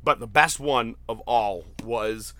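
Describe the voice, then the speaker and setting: Bright-voiced, laughing male storyteller. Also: medium pitch, slow, no echo. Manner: excited, profane, laughing storyteller. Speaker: podcast host. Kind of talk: casual chat recapping an event.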